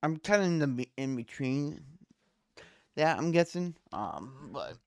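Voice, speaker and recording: A man's voice: medium pitch, very animated, a little slow, creaky, a little mellow, dry recording, clean studio sound. A man hosting a reaction video, talking casually and rambling, often correcting himself mid-sentence. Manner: rambling, self-correcting, laid-back.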